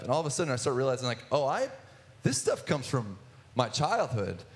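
A man's voice: mid-range voice, big pitch swings, fast talker. A young man in his twenties telling his personal testimony in church, earnest, with many restarts and filler words. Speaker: guest speaker sharing testimony.

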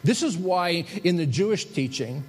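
A man preaching a sermon as a pastor, shifting between emphatic rises and soft, slowed drops. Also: on the high side, animated, husky. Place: church sanctuary. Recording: reverberant hall with faint noise.

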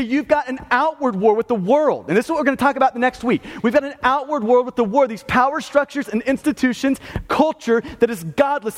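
High-voiced male preacher in echoing hall. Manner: emphatic, repeats and restarts words, asks "okay" and "right". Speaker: pastor. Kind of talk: sermon. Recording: long hall reverb.

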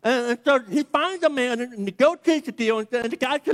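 High-voiced preacher in a booming hall. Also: male voice, a little fast, few pauses. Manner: lively, humorous storytelling with acted-out quotes. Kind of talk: sermon storytelling. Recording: long reverb of a large hall.

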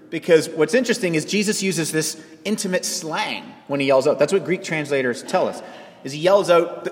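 A man pastor preaching a sermon in a church, lively and animated, putting on voices for the people he quotes. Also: big-room sound. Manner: animated, acts out quoted voices with big pitch jumps. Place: church sanctuary.

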